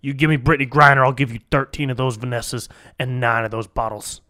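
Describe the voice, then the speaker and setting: A man doing an impression of a laid-back, smooth-talking man cutting a deal, with an easygoing, coaxing drawl. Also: mid-range voice, steady tone, fast talker, bright, forceful tone, no room sound, studio quality, lightly acted.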